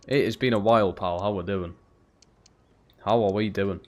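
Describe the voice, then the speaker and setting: A man's voice: sits low, steady tone, normal speed, pauses often, darkish tone. A young man live-streaming a football game, swearing freely and chatting back to his viewers. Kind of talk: casual live-stream chat while gaming.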